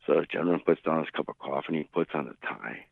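Middle-aged male radio preacher, storyteller, deep gravelly voice, phone-thin sound. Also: fast, no room sound. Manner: storytelling, acts out quoted voices. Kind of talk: radio sermon. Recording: tinny phone-like radio broadcast.

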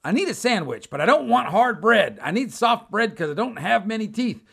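Man doing a lost simple-minded guy, high, pleading, repetitive, lively pitch swings. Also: normal speed, gravelly, slightly rough, heavily acted. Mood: plaintive.

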